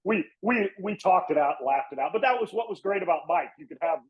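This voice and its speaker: A man, a regular guest on a sports podcast, telling an anecdote in an animated way, laughing and restarting often. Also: high-pitched, fairly quick. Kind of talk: casual podcast storytelling. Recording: muffled, lo-fi audio.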